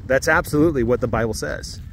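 A man vlogging from his farm, sharing a casual Sunday morning message in an earnest, reflective way with fillers and pauses. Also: mid-range voice, a bit bright, a little hiss or hum. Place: outdoors on a farm.

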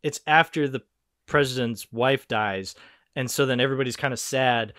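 A man's voice: medium pitch, normal speed, dry recording, clean studio sound. A man hosting a casual film podcast, talking animatedly and swearing freely. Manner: animated, swearing, quoting film lines in put-on voices. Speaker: podcast host.

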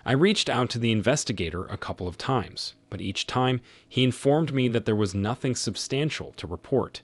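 A man reading a scripted first-person story in a plain, even way. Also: mid-range voice, normal speed, slightly rough, dry recording. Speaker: narrator.

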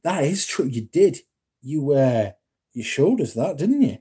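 A man hosts a casual livestream, reading comments and trading jokes with chat while swearing freely. His mid-range voice is very animated yet measured in pace, mellow with a breathy edge.

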